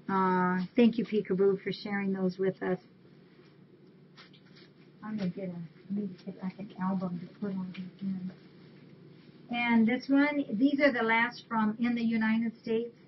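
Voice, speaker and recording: A woman chats casually on a webcam stream, reading holiday cards aloud and thanking viewers one by one. The audio is dull and lo-fi. Faint background noise sits under her mid-pitched voice. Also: little pitch movement, measured pace, long pauses. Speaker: shelter webcam host.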